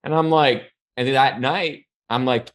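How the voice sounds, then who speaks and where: A man in his thirties from Canada, a podcast guest telling a personal story in a relaxed, rambling way, often restarting his sentences. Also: mid-range voice, a little slow. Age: 30s. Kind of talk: casual conversational storytelling.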